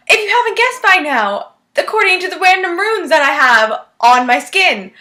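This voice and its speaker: A woman's voice: sits high, bright, forceful tone. A young woman vlogging about books from her bedroom, upbeat and chatty. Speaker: book vlogger. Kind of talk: casual vlog talk.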